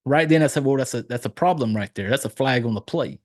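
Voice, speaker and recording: A man's voice: medium pitch, fast talker. Casual, profane man recapping a film. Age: adult, married. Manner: loose, profane storytelling, acting out lines in a raised voice. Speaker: podcast host reviewing a horror film. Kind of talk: casual chat.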